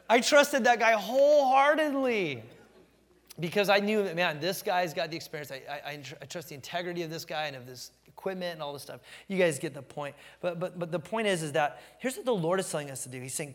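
A middle-aged pastor delivers a sermon with emphatic, animated storytelling, stretching out phrases he wants to land. His voice sits high for a man. The sound rings with the long reverb of a church hall. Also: fairly quick.

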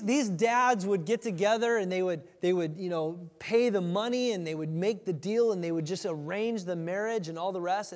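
High-voiced man preaching a sermon. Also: long reverb tail. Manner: conversational, animated, dropping to a hush for emphasis. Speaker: pastor.

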